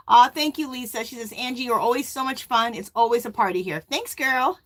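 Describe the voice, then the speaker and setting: A middle-aged woman hosting a casual live stream, chatting and reading viewer comments aloud in a warm, emotional way. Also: on the high side, fairly quick, hardly any pauses. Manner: warm and emotional, near tears.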